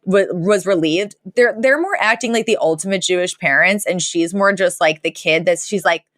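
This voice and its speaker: A woman's voice: on the low side, normal speed, fairly bright tone, no echo, studio quality. A woman co-hosting a podcast in casual chat, retelling scenes with lots of fillers. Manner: chatty, retells scenes with lots of likes and you-knows. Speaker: podcast co-host.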